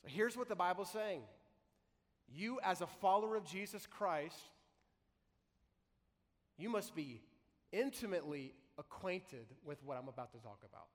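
A man preaching a sermon as pastor, talking in a conversational way and slowing down to read scripture aloud. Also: sits high, lively intonation, big-room sound. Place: large church hall.

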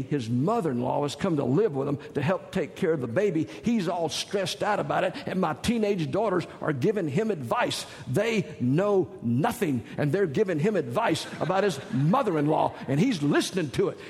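Pitched on the high side with lively intonation, the pastor keeps a moderate pace with few pauses and a darkish tone. He's a middle-aged man from the American South, giving a folksy sermon full of jokes and storytelling. A large hall's long reverb is audible.

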